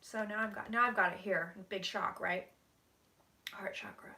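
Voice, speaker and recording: A woman's voice: mid-range voice, steady tone, moderate pace, bright, forceful tone. A woman psychic channeling on a live stream from her room, talking intensely, dropping to whispers and swearing freely. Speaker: psychic reader.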